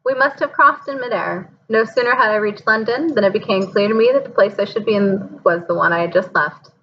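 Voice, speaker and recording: A woman reading aloud, voicing a calm, kindly old male headmaster with a gentle, wry, measured manner. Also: mid-range voice, lo-fi sound, a little hiss or hum, lightly acted.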